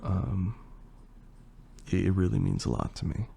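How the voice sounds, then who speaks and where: A young man with a hoarse, partly lost voice, chatting casually and rambling through a Q&A as an ASMR creator. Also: sits low, a little slow. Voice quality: gravelly and husky. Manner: relaxed, rambling, with fillers and swearing. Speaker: ASMR creator answering questions. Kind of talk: casual Q&A chat.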